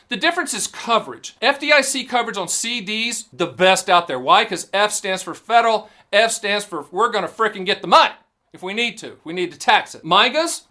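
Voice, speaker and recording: Animated, bright-voiced man explaining annuities. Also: sits high. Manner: animated, jokey, punchy catchphrases. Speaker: annuity agent and show host. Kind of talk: direct-to-camera sales explainer.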